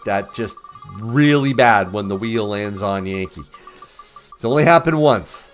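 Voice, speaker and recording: A man's voice: lowish voice, lively intonation, a little slow, soft background music. A man hosting a casual livestream, chatting with viewers in an upbeat, easygoing way. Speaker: livestream host.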